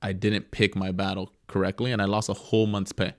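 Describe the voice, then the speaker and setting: This casual interview features a young pro goalkeeper whose voice is low and rough, and he talks slightly fast as he reflects on his playing days. Quoting other people brings out a livelier side of him. The sound is close and dry, with no echo at all.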